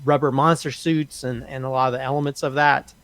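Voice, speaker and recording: A man reviewing a film on a casual podcast, openly moved and halting, with many restarts and repeated words. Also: medium pitch, little pitch movement, fairly bright tone, no room sound. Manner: openly emotional, moved to tears.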